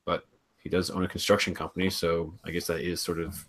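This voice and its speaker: A man co-hosting a sports podcast, explaining things in relaxed casual chat. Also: sits low, brisk, slight background noise. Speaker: podcast co-host.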